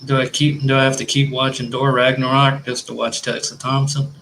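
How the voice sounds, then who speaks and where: A man's voice: medium pitch, level tone, a little fast, a bit bright, slight background noise. A man co-hosting a podcast, giving brief, laid-back replies in casual chat. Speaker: podcast co-host.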